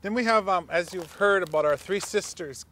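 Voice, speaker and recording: A man with a slightly raised voice explains a traditional recipe as a guest on a cooking show. He talks unhurriedly and pauses often between steps. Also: sits high, fairly bright tone, a little hiss or hum. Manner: unhurried, with many ums and pauses. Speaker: guest cook.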